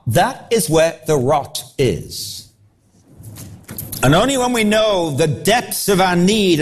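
High-voiced man preaching a lively sermon. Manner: animated, acts out quoted voices of listeners.

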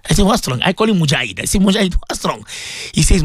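Male radio imam with a slightly high, dry studio voice. Animated storyteller who repeats phrases. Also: fast, husky, dry recording. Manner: animated storytelling, repeats phrases, mixes in Arabic and Urdu words. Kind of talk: storytelling religious radio talk.

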